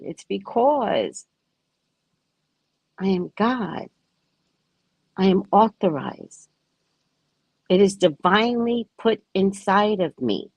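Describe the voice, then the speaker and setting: A woman's voice: mid-range voice, expressive, measured pace, vocal fry, pauses often, darkish tone, dry recording, dull audio. A woman psychic reader talking casually to her viewers, emphatic and self-assured. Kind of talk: casual spiritual talk to viewers.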